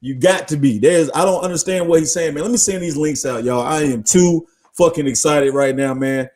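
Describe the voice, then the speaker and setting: A man hosting his own podcast, talking in a casual, slangy, profane way that gets excitable and breaks into shouting. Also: a little high, moderate pace. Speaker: podcast host. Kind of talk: casual hyped sports talk.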